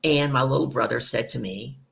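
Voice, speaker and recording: A woman hosting an online talk show, telling a family story in a lively, chatty way, with many asides, over a video call. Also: extremely low pitch, brisk, creaky. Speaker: show host. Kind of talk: conversational storytelling.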